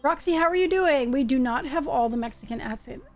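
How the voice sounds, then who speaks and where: Woman streamer, playful running chatter over a game, higher voice, faint music behind. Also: fairly quick. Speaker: live-stream host. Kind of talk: casual live-stream chat while gaming.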